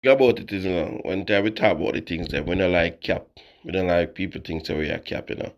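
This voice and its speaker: A man's voice: sits low, fast. A Jamaican man hosting his channel, talking casually and sleepily in patois-laced speech. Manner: laid-back patois-laced talk. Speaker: channel host. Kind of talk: casual news commentary.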